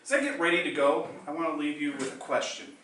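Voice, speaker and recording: An older man telling a story to an audience, with a fairly high, bright voice. He drops into slow, weighty pauses to land his points. The sound is very roomy, caught from a mic well back in a hall. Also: sing-song, a little hiss or hum. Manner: dramatic pauses, slows down for emphasis. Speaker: contest speaker. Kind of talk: storytelling public speech. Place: meeting room or hall. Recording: echoey hall, mic at a distance.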